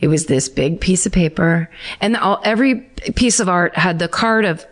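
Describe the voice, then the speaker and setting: Chatty lower-voiced woman podcast co-host. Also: normal speed. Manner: chatty, rambling with restarts and fillers. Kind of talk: casual chat, reading listener emails aloud.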